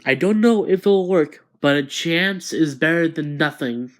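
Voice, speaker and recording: A man voicing a calm, low-key male villain. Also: a little slow, natural voice.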